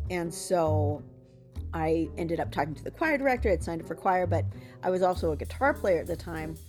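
A woman musician being interviewed, telling lively anecdotes and acting out quotes. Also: lowish voice, a little fast, faint music behind. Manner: animated storyteller who acts out quotes. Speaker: guest musician.

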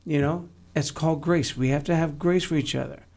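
Man guest, gravelly and a touch high, blunt and joking. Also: fairly even intonation, a little fast, darkish tone. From San Antonio, Texas. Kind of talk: casual interview chat.

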